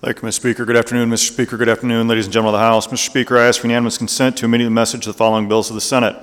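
A man speaking as a state representative, briskly rattling off bill numbers and procedural motions. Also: medium pitch, flat delivery. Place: legislative chamber. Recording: long reverb of a large chamber.

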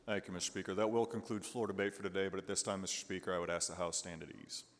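A man making procedural motions on a legislative floor, briskly running through bill numbers. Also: deep voice, level tone. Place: legislative chamber. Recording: echoey hall from a chamber mic.

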